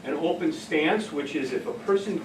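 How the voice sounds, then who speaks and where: A man with a fairly high voice leads a staff training session at a normal speed, telling stories casually and often laughing at his own anecdotes. He's heard from a distance in an echoey room with a noisy background.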